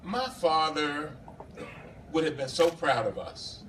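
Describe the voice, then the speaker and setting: A man, a congressman, giving an impassioned speech at a bar reception, halting and repeating himself, recorded from a distance. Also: a little high, lively intonation, fairly bright tone. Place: bar reception room, indoors. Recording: distant camera with faint background noise.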